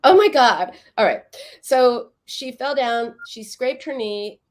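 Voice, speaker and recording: A middle-aged woman speaks as an expert guest, explaining her method in an even, mid-pitched voice. She tells stories with animation and briefly puts on the voices of the people in them. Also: slow. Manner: animated storytelling, acts out quoted voices. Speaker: psychoanalyst guest. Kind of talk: interview conversation.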